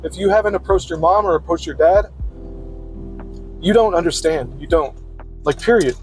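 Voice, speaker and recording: A man with a high-pitched voice talks in a blunt, preachy monologue and swears freely. Music plays clearly behind him. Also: moderate pace, darkish tone. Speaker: podcaster. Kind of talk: casual monologue.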